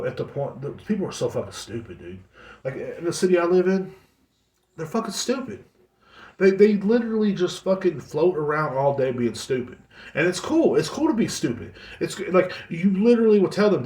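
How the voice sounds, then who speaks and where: A man hosting a podcast, delivering a heated, profane ranting monologue and mocking other people's voices. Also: mid-range voice. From United States. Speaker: podcast host. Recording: echoey room.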